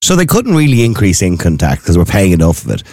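A man's voice: low voice, quick pace, dry recording. An Irish man hosting a talk radio show, opinionated and telling stories in a chatty way into a studio mic. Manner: opinionated, storytelling, animated.

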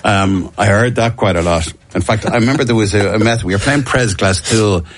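A middle-aged man with a Dublin accent, telling stories in a fairly low voice as a guest on a casual interview. He rambles, restarts his sentences and laughs at himself. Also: brisk. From Ireland. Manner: rambling, self-deprecating, frequent restarts and laughs.

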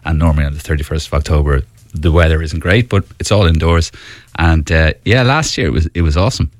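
A man guesting on a radio show, relaxed and blunt with dry humour. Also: rumbling low, quick pace, dry recording. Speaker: guest musician. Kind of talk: casual radio interview. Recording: dry studio.

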